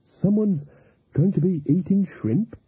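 A man's voice: on the high side, sing-song, a little slow, breathy edge, no room sound, pitched above the performer's own voice, heavily acted. Missus Pleasant, a man doing a jolly bustling cook. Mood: chatty. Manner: eager, chatty, gossipy. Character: stout jolly woman cook, bustling and curious. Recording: tinny, phone-like, dry audio.

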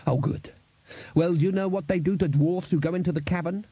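Man reading an indignant male dwarf for a fantasy audiobook, raised pitch, husky, snappish. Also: steady tone, fairly quick, warm tone, no echo. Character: hot-tempered shouting male dwarf musician. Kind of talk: audiobook character voice.

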